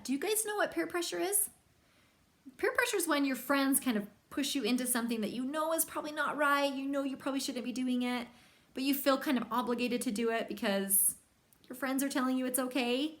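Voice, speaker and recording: A young woman reading a children's picture book aloud, with lively, chatty asides to young listeners. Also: sits high, a little fast. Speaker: storybook reader.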